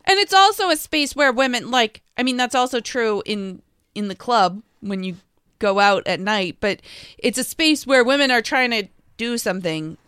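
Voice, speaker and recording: A woman's voice: fairly high pitch, normal speed, fairly bright tone, clean tone, no room sound. Dry, teasing female co-host. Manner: dry, teasing, pushes back with wry asides. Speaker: podcast co-host. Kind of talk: casual chat.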